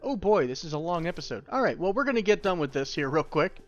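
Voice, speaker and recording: A man's voice: fairly high pitch, sing-song, fast talker, dull audio, soft background music. A young man giving casual, rambling tutorial commentary while playing a factory-building game, with self-deprecating asides. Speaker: gaming YouTuber.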